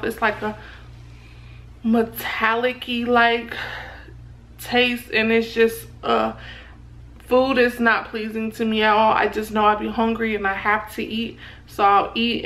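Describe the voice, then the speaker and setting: A woman's voice: medium pitch, a bit bright. A young woman, talking casually to her viewers in a vlog. She sounds out of breath and keeps calling her viewers "y'all.". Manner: chatty, repeatedly addressing viewers as "y'all". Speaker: vlogger.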